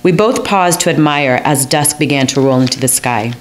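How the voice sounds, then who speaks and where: Low-voiced wry woman storyteller. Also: expressive, normal speed, slight background noise. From United States. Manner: wry, self-mocking, theatrical. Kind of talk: personal story performance.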